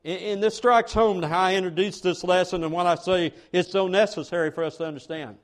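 Male preacher, high-pitched, earnest and emphatic, repeats phrases for weight. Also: steady tone, fairly quick. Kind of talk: sermon.

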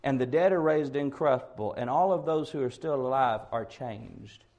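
A man preaching an expository sermon, building to loud, slowed, emphatic peaks on key words. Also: mid-range voice, muffled recording.

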